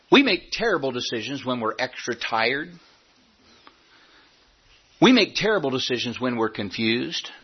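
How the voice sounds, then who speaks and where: Emphatic husky-voiced male preacher. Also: medium pitch, lo-fi sound. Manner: emphatic, repeats phrases, slows down for key points. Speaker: pastor. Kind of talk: sermon.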